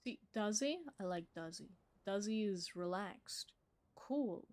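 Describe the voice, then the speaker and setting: A woman's voice: mid-range voice, animated, slow pace, darkish tone, no room sound. Woman streamer, casual gameplay chat, medium voice, chats with game critters. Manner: chatty, talks to game creatures.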